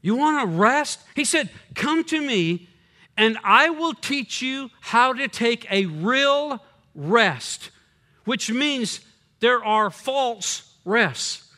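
High, animated pastor preaching. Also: male voice, takes it slowly. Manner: animated, swinging between loud punchy lines and low drops. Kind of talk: sermon.

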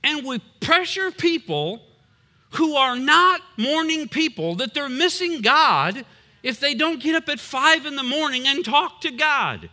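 A man's voice: extremely high pitch, expressive, measured pace, pushed and bright. A man preaching a sermon as a pastor, emphatic and punchy, with humorous asides.

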